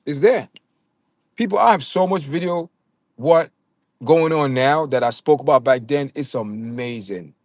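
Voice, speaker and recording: Jamaican male livestream host, slightly high voice, dry close sound, talks to his chat with stumbling repeats. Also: measured pace, long pauses, no room sound. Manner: talks straight to his chat viewers, stammers and repeats words.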